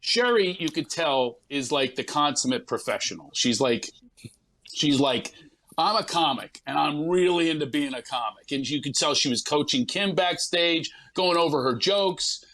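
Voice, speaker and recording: A man, a comedian guest, telling a story in an animated way and acting out other people's lines in quick bursts. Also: on the high side, rough recording.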